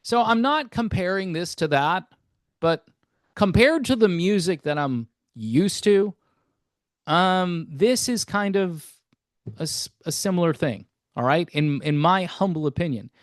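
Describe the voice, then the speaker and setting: A man talks through a casual review on his own channel, folksy and rambling, often poking fun at himself. His voice sits somewhat high for a man. The sound is dry and close, with no room echo. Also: animated, unhurried. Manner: self-deprecating, rambling, folksy. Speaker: album reviewer, channel host.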